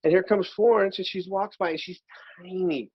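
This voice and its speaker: A middle-aged man, an actor guest, telling lively anecdotes and acting out the people in them. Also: high voice, normal speed, slightly rough, no room sound. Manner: lively storyteller who acts out the people in his stories. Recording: dry, slightly dull recording.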